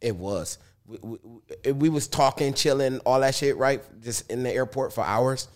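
A man's voice: medium pitch, moderate pace. A man as a guest on a casual interview show, laid-back, laughing easily and talking in loose slang.

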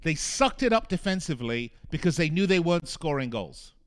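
A man hosts a soccer radio show, ranting in a frustrated, emphatic monologue. His voice sits notably high for a man. He drives each point home by repeating phrases. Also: very animated, fairly quick, smooth. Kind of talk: opinionated sports talk monologue.

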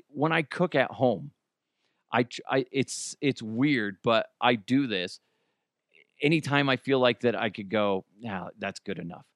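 A male podcast host gives an animated motivational talk, joking and swearing freely as he goes. His voice sits at an ordinary pitch, and the sound is close and dry. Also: no echo.

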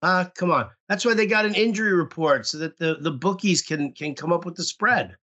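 Podcast guy cracking jokes with his cohost, kinda high voice. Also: lively intonation, brisk, bright, forceful tone, muffled recording. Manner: wry and joking, laughs easily. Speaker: podcast co-host. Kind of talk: casual chat while watching a football game.

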